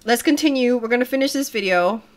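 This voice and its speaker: A woman's voice: a little high, fast. Chatty young woman streaming from her desk. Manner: chatty, laughs often, swears casually. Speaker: livestream reaction host. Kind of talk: casual livestream chat.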